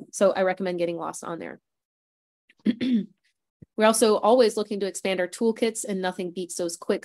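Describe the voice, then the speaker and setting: A woman hosts a casual podcast from a video call. She reads out schedules and chats in a loose, rambling way with small restarts, her voice sitting at a middle pitch. The sound is dry, with no room echo. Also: a little mellow. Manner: chatty, rambling announcements with restarts. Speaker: podcast host. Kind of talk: casual podcast chat with announcements.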